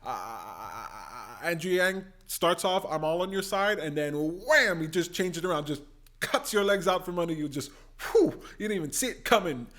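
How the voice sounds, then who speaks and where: A man hosting a political commentary channel, reacting to debate clips with animated, indignant outbursts. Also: on the high side, moderate pace. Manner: animated, bursts into indignant exclamations.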